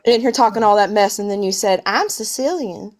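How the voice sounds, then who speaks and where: A woman's voice: medium pitch, steady tone, quick pace, darkish tone. A woman co-hosting a casual live stream, trading teasing, giggly banter with her partner.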